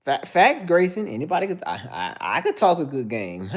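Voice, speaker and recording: A man hosting a livestream, giving blunt, joking commentary and shouting out viewers in the chat. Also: high voice, very animated, moderate pace. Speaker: host.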